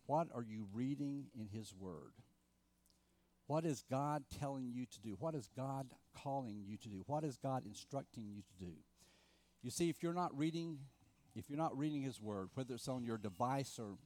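A middle-aged man preaching a sermon, earnest, with rhetorical questions, rising for emphasis and dropping to quiet asides. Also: mid-range voice, no echo. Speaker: pastor.

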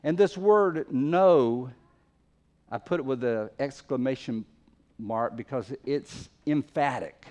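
A man preaching a sermon, stressing key words by repeating them and letting closing phrases fall soft and low. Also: expressive, a little slow.

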